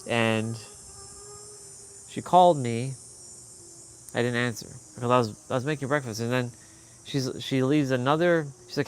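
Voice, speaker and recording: A man's voice: medium pitch, normal speed, long pauses, a little hiss or hum. Young man, candid storytelling, swears, faint crickets behind. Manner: candid, swearing, quoting others in heated bursts. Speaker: fitness vlogger. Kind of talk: emotional personal storytelling.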